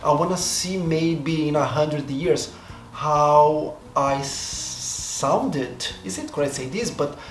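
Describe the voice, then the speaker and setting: Speaking slowly in a slightly high voice, this man from Brazil talks to his camera in a casual vlog monologue, his Portuguese-native Brazilian accent clear. He's reflective and hesitant, frequently pausing to restart and rethink phrases, recorded seated in an echoey room with faint background noise.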